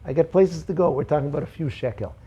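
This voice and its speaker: A man's voice: a little high, expressive, fast, warm tone, slightly rough, lo-fi sound. A man doing an indignant bus rider. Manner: pushy, indignant arguing. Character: broke, indignant bus passenger, adult man.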